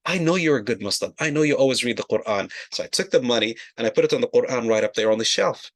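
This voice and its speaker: A humble, gentle imam, as a storyteller puts him on, lifting his voice a little and speaking fast and earnestly. The sound is dry and close to the mic. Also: mid-range voice, animated, no room sound. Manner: polite, earnest, pleading innocence. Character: gentle, humble male imam, new to a mosque.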